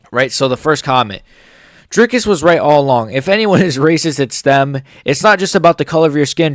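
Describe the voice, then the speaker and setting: A man's voice: medium pitch, dry recording, clean studio sound. A man hosting a casual MMA commentary channel, blunt and opinionated, swearing as he reacts to clips and comments. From United States.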